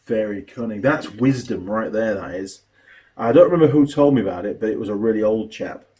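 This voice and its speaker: A man, a mechanic and video host, chatting and telling animated stories while building a kit. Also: lowish voice, brisk. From New Zealand. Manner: chatty, animated storyteller with a laugh. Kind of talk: casual chat while building a model kit.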